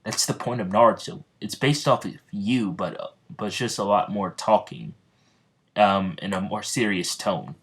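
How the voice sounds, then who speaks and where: A man's voice: on the low side, moderate pace, lightly acted. A man voicing a carefree, fight-loving male martial-arts hero who talks bluntly and simply. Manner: blunt, simple, matter-of-fact.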